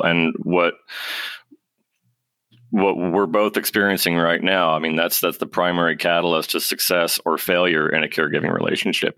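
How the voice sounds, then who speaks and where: A man's voice: a bass voice, gravelly, bright, forceful tone, no room sound. A man hosting a podcast, talking earnestly in a casual style with slang and searching for his words. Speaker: podcast host.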